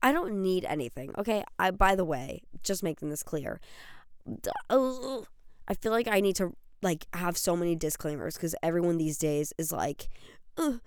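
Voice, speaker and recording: A woman's voice: lowish voice, expressive, moderate pace, a little mellow, clear, resonant tone, no echo, studio quality. A young woman hosting a solo podcast, rambling and gushing with many fillers and self-corrections. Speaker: podcast host. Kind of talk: solo chatty podcast rant.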